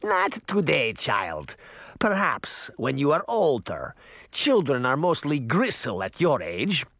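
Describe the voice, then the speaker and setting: A man's voice: on the high side, wildly swooping pitch, slow, fairly bright tone, dry recording, studio quality, full character voice. A man playing Baba Yaga, a gleeful old witch. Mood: menacing. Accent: Russian. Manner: mocking, relishing threats. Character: crusty old female witch, menacing and gleeful.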